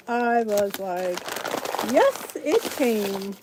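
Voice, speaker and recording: Chatty woman host, lively high voice. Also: measured pace, heavy background noise. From United States. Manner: chatty, greets viewers by name, frequent laughs. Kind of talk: casual livestream chat.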